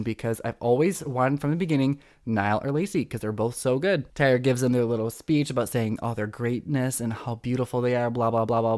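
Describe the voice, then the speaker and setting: A young man hosting a podcast, recapping reality shows in a casual, excitable and dramatic way. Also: medium pitch. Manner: excitable, dramatic, acts out quotes. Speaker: podcast host.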